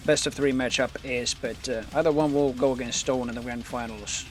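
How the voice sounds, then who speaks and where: A man's voice: mid-range voice, steady tone, brisk. A man co-casting a live online match who talks conversationally and explains how the bracket stands. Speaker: esports co-caster. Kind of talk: casual live game commentary.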